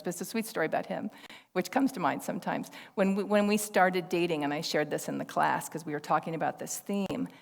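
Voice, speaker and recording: Gravelly woman preaching in a hall. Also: on the low side. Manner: conversational, warm storytelling with laughter and quoted dialogue. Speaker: minister. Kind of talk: personal sermon storytelling. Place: church service hall. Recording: long reverb of a large hall.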